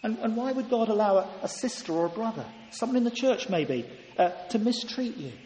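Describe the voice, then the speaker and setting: A man's voice: sits high, animated, a little fast, dark tone, slight background noise. A man preaching a sermon in church, earnest and full of rhetorical questions. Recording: echoey hall, heard from a distance.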